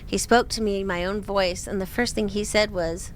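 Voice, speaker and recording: A woman's voice: mid-range voice, steady tone, normal speed, a little hiss or hum. A young woman casually reading a horror story aloud, breaking off with giggling, swearing asides. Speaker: story reader.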